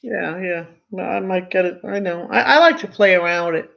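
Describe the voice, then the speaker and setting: A woman's voice: on the low side, brisk, creaky, a bit bright. A woman in her seventies chatting casually, telling stories and putting on quoted voices. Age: 70s. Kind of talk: casual chat. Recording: dull lo-fi sound.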